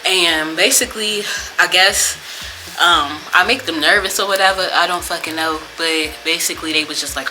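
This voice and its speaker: A woman's voice: low voice, steady tone, moderate pace, over music. A young woman vlogger talking casually and venting, with a lot of profanity and frustration.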